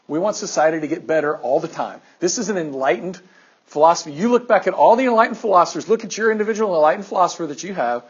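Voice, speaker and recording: A man teacher giving an animated classroom lecture, firing questions at his students. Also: high-pitched, husky, lo-fi sound.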